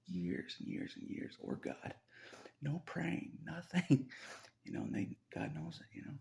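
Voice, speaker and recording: Brief: gravelly male vlogger, confessional ramble, wide pitch swings, half-whispered, casual swearing. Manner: rambling, laughs between lines, often half-whispered. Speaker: YouTube channel host. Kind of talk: confessional vlog monologue.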